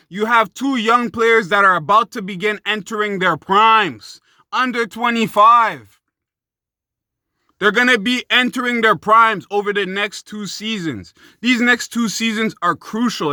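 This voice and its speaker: A young man delivers a fired-up sports rant, loose and profane, calling his viewers guys and bro. His voice sits high and sounds sharply bright and forceful. The sound is close and completely dry. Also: no room sound. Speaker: sports commentary YouTuber.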